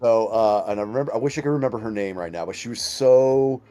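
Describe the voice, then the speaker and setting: A man from Southern California with a Californian accent, telling animated stories full of fillers as a guest in a casual chat. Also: fairly low pitch, fast talker, soft background music.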